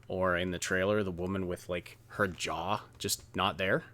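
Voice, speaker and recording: A man co-hosting a gaming podcast, calmly reading out and questioning news points in casual chat. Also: low voice. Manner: measured, reads from articles, hesitant restarts. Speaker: podcast co-host.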